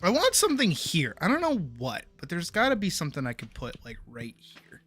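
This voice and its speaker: A man's voice: a little high, wildly swooping pitch, brisk, a bit bright, soft background music. A man streaming a game, chatting casually at a desk mic in a giggly, rambling, self-teasing way.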